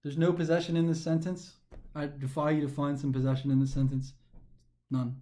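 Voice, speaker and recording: A man teaching a recorded grammar lesson for a test, talking animatedly and slowing down to stress the pauses as he reads sentences aloud, sometimes tripping over his words. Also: on the high side. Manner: animated, emphatic, slows down to stress pauses when reading aloud. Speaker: test prep instructor.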